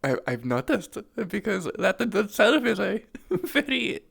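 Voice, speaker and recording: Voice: mid-range voice, big pitch swings, gravelly, a bit bright, slightly rough. A roleplayer in an online game session who laughs often and stretches words out. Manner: laughs often, drawn-out delivery. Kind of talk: in-character roleplay banter.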